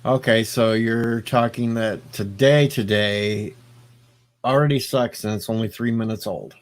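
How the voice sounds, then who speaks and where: A man's voice: lowish voice, fairly even intonation, measured pace. Rambling man chatting with live viewers. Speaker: livestreamer reading chat. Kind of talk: casual live-stream chat.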